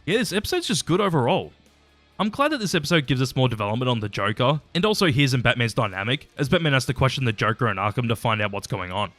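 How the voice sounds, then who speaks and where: Male video reviewer, quick and animated, chatty and blunt, dry close sound. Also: mid-range voice, no room sound, soft background music. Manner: chatty and opinionated, with mild swearing. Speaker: YouTube episode reviewer. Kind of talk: casual commentary ranking episodes.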